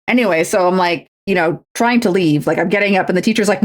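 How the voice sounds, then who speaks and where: A lowish woman's voice, moving at a quick pace. She streams while cross-stitching at home, chatting loosely and joking about herself in wandering stories.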